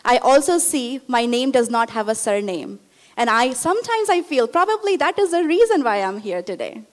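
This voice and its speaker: A woman's voice: high-pitched, very animated, normal speed. Earnest young woman from India. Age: young adult. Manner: earnest, with frequent reported dialogue. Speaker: speaker telling her story. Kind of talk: personal storytelling talk.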